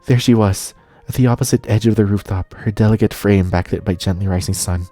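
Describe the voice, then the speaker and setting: Low, mellow-toned male streamer narrating a game, soft music bed. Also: a little fast. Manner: steady narration, cursing asides. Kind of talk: reading a visual novel aloud.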